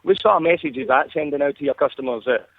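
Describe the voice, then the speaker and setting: A man's voice: on the high side, fast, dry recording. A man calling in to a phone-in show, easygoing and matey, swearing casually. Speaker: caller. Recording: tinny dry phone line.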